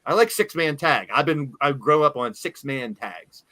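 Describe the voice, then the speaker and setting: A man's voice: medium pitch, expressive, moderate pace, a bit bright, no echo. A man hosting a casual wrestling podcast, rambling as he walks through a list. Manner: rambling, talks while showing things on screen. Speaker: podcast host.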